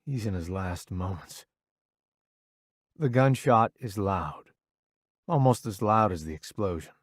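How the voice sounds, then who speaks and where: A man narrating a first-person audiobook in a slow, dramatic way. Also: sits low, animated, no echo, studio quality.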